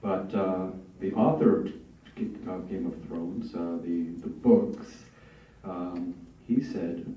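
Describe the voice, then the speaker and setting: A man's voice: low-pitched, steady tone, takes it slowly. A man hosting a literary reading night, chatting casually with many fillers and restarts, recorded from a distance in a large room. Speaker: event host. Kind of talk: casual introductions at a reading event. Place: library reading event. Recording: echoey hall, distant lo-fi mic.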